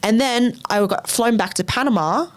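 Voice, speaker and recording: A woman's voice: fairly high pitch, normal speed. A young Australian woman hosting a podcast, telling her own story candidly in blunt, run-on sentences full of swearing. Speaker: podcast host.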